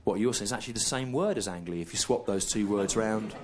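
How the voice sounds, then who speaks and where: A middle-aged English man doing a deadpan stand-up routine, telling a slow, repetitive story on a theatre stage. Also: on the low side. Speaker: stand-up comedian. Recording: clear audience noise behind. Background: audience laughter.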